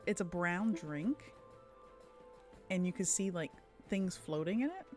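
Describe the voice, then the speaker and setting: A woman's voice: on the low side, expressive, measured pace, soft background music. A woman running a tabletop game as game master, narrating with lots of fillers and frequent giggles. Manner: hesitant, giggly, many fillers.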